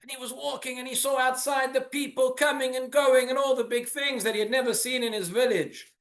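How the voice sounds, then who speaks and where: A man's voice: very high voice, fairly even intonation, fairly quick, fairly bright tone, reverberant. A man, a rabbi, giving an earnest sermon full of rhetorical questions in a synagogue.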